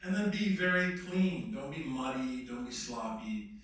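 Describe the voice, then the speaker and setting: A man's voice: medium pitch, lively intonation, measured pace, a bit bright. A man, an actor, speaking emphatically and conversationally to a workshop audience. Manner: emphatic, conversational, slips into mock voices. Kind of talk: animated talk to a live audience. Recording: echoey room, voice from a distance.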